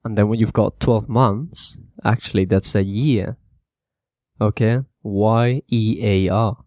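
A man teaching English to Spanish speakers in a casual spoken lesson, repeating words slowly to show how they sound. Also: lowish voice, no echo, clean studio sound. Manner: relaxed, repeats words slowly to model pronunciation, mixes in Spanish.

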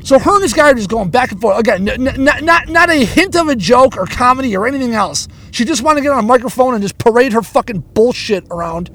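A man's voice: very high voice, animated, fast talker, few pauses, fairly bright tone. A man who does stand-up comedy, telling a story as an angry, profanity-heavy rant that stumbles and repeats itself. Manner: angry, profanity-laden, stammering.

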